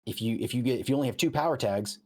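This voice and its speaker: A man's voice: mid-range voice, very fast. A man, the game master, explaining tabletop game rules in casual chat, walking through them step by step with examples and restarting his sentences.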